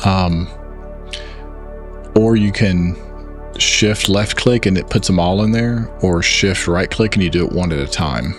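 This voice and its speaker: Chatty low-voiced Southern US man. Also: unhurried, faint music behind. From Arkansas. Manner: chatty, explains controls, self-deprecating. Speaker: gaming channel host. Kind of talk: casual let's play commentary.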